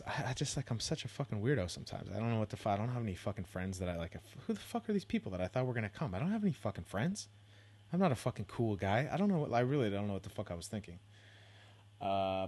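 A man's voice: fairly low pitch, a little mellow. A young man from the Bay Area hosting a casual solo podcast, rambling with lots of swearing, slang and self-deprecating asides. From San Francisco Bay Area. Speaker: podcast host.

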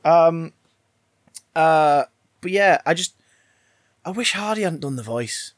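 A man's voice: fairly high pitch, expressive, takes it slowly. A man casually discussing a film, rambling and swearing with frequent restarts.

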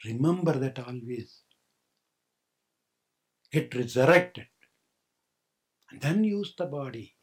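A man's voice: mid-range voice, animated, takes it slowly, pauses often, breathy edge. An older man giving a spiritual talk as a playful story, laughing often and acting out the voices of the characters. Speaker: spiritual teacher. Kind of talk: storytelling sermon.

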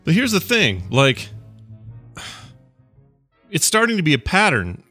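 A man co-hosting a podcast in casual chat, animated and rambling, often laughing. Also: fairly high pitch, measured pace, slightly rough, soft background music. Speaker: podcast co-host.

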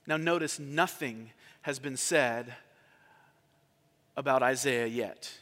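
A man's voice: medium pitch, takes it slowly, pushed and bright, in a large hall. A man preaching a sermon as pastor, talking in a conversational way and asking his congregation questions.

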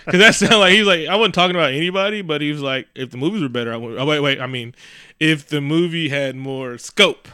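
An animated man trading opinions in a casual chat, cursing freely and leaping into high, excited bursts. His voice is bright and forceful, recorded close and dry with no room sound. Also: brisk, clean tone, no room sound. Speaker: podcast co-host.

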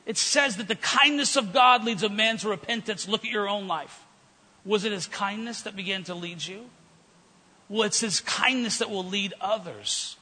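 A man's voice: sits high, moderate pace, bright, forceful tone. A man preaching a fervent sermon in a church, telling stories with quoted dialogue. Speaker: guest preacher. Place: church sanctuary. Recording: long reverb of a church hall.

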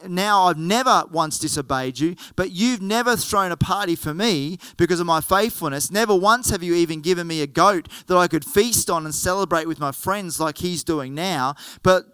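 A man acting out an indignant older brother, a young man who complains in a quick, high voice. His voice is smooth, and the sound is dry and close. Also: sharp tone, dry recording.

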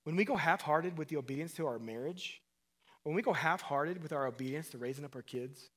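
A man preaching a sermon as pastor, asking his listeners questions and acting out quoted voices, swinging between loud emphatic calls and quiet low passages. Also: a little fast. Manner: acts out quoted voices and asks the crowd questions.

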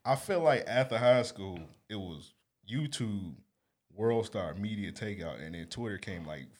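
Young guy cohost, kinda husky low voice, goofing around laughing a lot. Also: lively intonation, unhurried. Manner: loose, laughing, profane banter. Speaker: podcast co-host. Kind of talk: casual chat.

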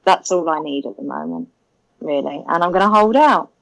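A woman's voice: low-pitched, lively intonation, normal speed, creaky, fairly bright tone, poor audio. A woman, chatting as a podcast guest, rambling and laughing often. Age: 50s. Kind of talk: casual chat.

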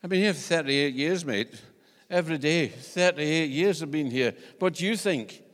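A man's voice: a little high, moderate pace, lightly acted. A Scottish man voicing a self-pitying, aggrieved middle-aged beggar who keeps insisting it isn't his fault, with a whining, complaining delivery. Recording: long church-hall reverb.

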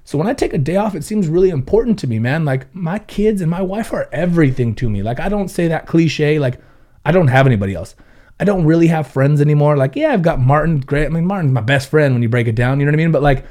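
A man's voice: fairly high pitch, animated, fast talker, a little mellow. A man in his thirties from Southern California who owns a car audio shop, chatting casually with blunt, profane storytelling and quoted back-and-forth. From Ventura County, California. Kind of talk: casual podcast chat.

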